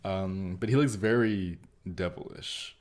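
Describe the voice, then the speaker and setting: A young man co-hosting a casual podcast, rambling along and laughing at himself, sometimes trailing off softer. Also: sits low, unhurried. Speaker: podcast co-host. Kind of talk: casual chat.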